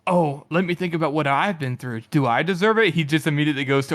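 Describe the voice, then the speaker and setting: A man's voice: fairly high pitch, fast, a bit bright. A young man co-hosting a casual book podcast, joking and enthusiastic. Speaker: podcast co-host.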